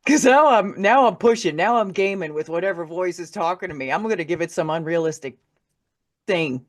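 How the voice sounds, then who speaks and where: A woman author on a podcast speaks a little fast in a fairly low voice, telling an emotional story from her own life. She doesn't hold back, swearing freely and laughing through the tough moments.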